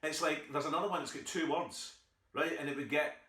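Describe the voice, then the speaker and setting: Scottish stand-up comic, middle-aged male, bright and a bit high, mimics his characters; heard from afar in a reverberant hall. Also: a little fast. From Scotland. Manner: storytelling, acting out others' voices. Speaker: stand-up comedian. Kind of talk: stand-up routine. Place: theatre stage. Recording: echoey theatre from far off.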